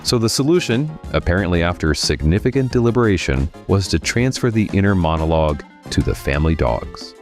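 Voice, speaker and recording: Deep-voiced, sarcastic male film reviewer. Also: big pitch swings, a little fast, few pauses, soft background music. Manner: wry, sarcastic. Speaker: host.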